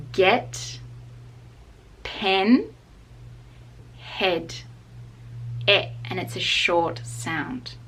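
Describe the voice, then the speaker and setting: A woman with an Australian accent teaching English pronunciation, saying each example word slowly and repeating it. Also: lowish voice, pushed and bright. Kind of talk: pronunciation lesson.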